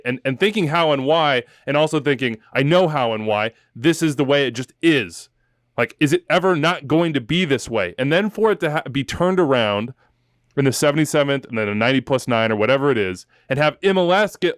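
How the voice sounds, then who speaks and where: A man's voice: fairly high pitch, brisk, dry recording, clean studio sound. A man hosting a soccer podcast, telling stories with emotion and joking asides while leading the chat. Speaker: podcast host.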